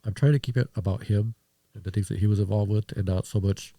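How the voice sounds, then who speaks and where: A man's voice: fairly low pitch, fairly even intonation, fast, creaky, dark tone, dry recording. A man talking as a podcast guest in casual conversation, reflective and rambling with restarts.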